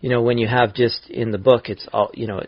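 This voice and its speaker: A man's voice: medium pitch, flat delivery, a little fast, dry recording. A man co-hosting a podcast, chatting casually, often restarting and trailing off. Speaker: podcast co-host. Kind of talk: casual chat. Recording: dry, dull lo-fi podcast audio.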